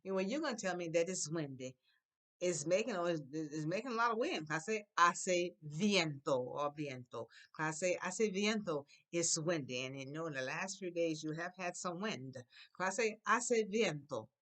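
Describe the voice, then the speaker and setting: A woman teaching a children's Spanish class, slowly modeling phrases for the class to repeat and coaxing them along. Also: lowish voice, animated. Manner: coaxing and encouraging.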